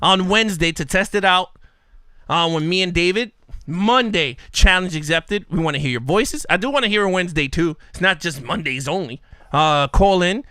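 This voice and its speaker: A man co-hosting a casual podcast, animated and laughing often as he acts out his callers. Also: sits high, no echo. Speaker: podcast co-host. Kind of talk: casual chat.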